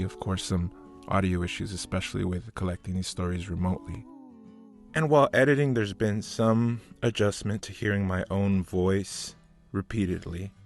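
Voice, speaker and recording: A man's voice: low-pitched, creaky. A man co-hosting a podcast, talking earnestly and candidly with some light joking. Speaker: podcast co-host. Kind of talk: casual podcast introduction. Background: faint guitar music.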